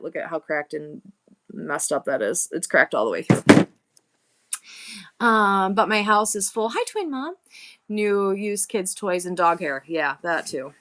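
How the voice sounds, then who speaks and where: Woman host, live seller, bright forceful voice, chatty and effusive, talking from her shop. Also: medium pitch. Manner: chatty, effusive and grateful toward viewers. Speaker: livestream seller. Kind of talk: casual live-stream chat. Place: indoors in her shop, a former thrift store.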